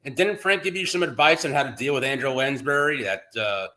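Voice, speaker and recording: A man's voice: mid-range voice, quick pace, bright, forceful tone. A man co-hosting, asking a guest a hesitant question. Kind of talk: casual interview.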